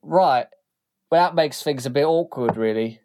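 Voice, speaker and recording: A man's voice: fairly high pitch, moderate pace, mellow, lightly acted. A man voicing a reckless, unhinged male gang boss who swears and rambles with mock politeness. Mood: awkward.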